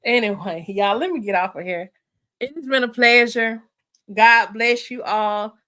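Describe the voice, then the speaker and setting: A woman hosts a loose, chatty livestream with a bright, ringing voice. She thinks out loud, backtracks, and keeps turning to her viewers as y'all and honey. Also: fairly high pitch, measured pace. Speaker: livestream host. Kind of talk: casual livestream chat with viewers.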